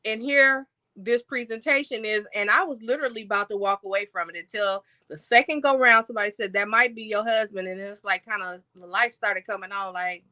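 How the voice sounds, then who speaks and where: A woman guest on a podcast telling a personal story in a lively way, acting out the dialogue. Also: medium pitch, a little fast, few pauses, no room sound. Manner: animated, acts out quoted dialogue.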